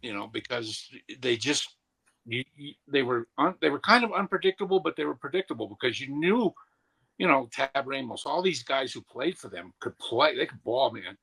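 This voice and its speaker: A man co-hosting a podcast in casual chat, his voice gravelly and husky with a bright edge. He reminisces in a rambling, animated way. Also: mid-range voice, moderate pace.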